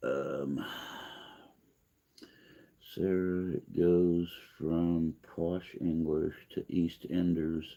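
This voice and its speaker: This livestream host is a man whose bass voice has a darkish tone. Answering viewers' comments in a relaxed chat, he meanders hesitantly with lengthy pauses.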